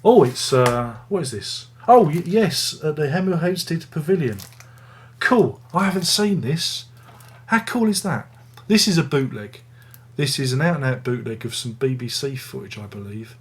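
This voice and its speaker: Man, husky voice, casual review host, rambling, self-mocking humor. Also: mid-range voice. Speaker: music reviewer, video host.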